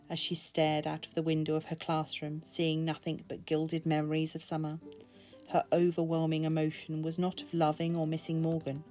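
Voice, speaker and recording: A British woman reading a novel aloud in an unhurried, expressive narration. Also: low-pitched. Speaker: booktube reader.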